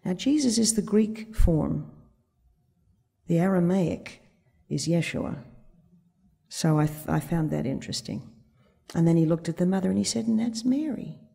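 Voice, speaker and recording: A woman's voice: lowish voice, moderate pace, vocal fry, long pauses, dark tone, slightly rough. A woman speaking at a conference, telling a vivid anecdote and quoting the dialogue along the way. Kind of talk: storytelling talk. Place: conference stage before an audience.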